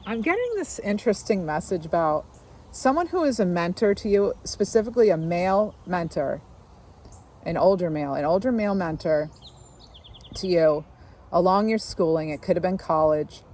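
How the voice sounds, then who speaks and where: A woman giving a casual tarot reading, musing aloud in a relaxed way and often pausing on fillers as she takes in impressions. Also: lowish voice. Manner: musing, intuitive, many fillers and asides. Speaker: tarot reader. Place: outdoors.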